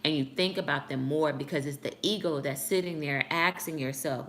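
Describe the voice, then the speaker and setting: A woman's voice: deep voice, moderate pace, few pauses, a bit bright. A young woman vlogger chatting earnestly with her viewers at home, answering comments with a preachy edge. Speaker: YouTube vlogger. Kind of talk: casual chat answering comments. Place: apartment at home.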